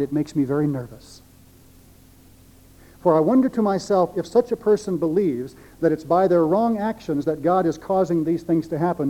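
A male pastor delivering a sermon in an emphatic way, repeating key phrases. His voice sits high for a man but sounds mellow and dark in tone.

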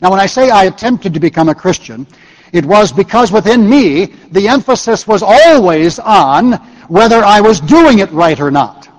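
High-voiced man preaching in a reverberant hall. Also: expressive. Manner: measured, dropping to soft emphatic low tones at key phrases. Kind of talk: sermon.

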